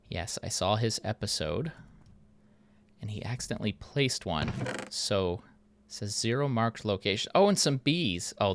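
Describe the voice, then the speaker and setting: A man's voice: on the low side, fairly bright tone. A man hosting a game video, chatting casually and thinking aloud with a self-mocking tone. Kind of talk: casual gameplay commentary.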